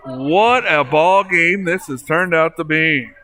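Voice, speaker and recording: A man calling a local high school basketball game play by play, folksy and talking to listeners as folks, getting excited at big plays. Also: takes it slowly, slight background noise. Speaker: play-by-play announcer.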